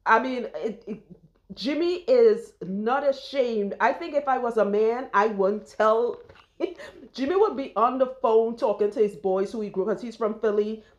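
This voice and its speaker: A woman's voice: a little high, measured pace, a little mellow, highs cut off. A woman chatting casually while her hair is done, rambling and laughing often, on a clip-on mic. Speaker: loctician and vlogger.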